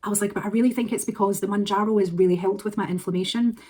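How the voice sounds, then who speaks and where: A middle-aged woman talks straight to her camera in a relaxed vlog. She gushes and rambles, piling up fillers and false starts as she goes. Her voice sits at an ordinary middle pitch. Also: very fast. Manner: chatty, gushing, many fillers and restarts. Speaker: vlogger. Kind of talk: casual chat to camera.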